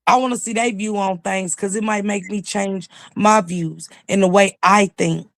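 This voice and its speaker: A woman's voice: mid-range voice, fairly even intonation, moderate pace, vocal fry, dry recording, studio quality. A woman talking as a YouTube commentator in a casual livestream chat, with emphatic, preachy storytelling.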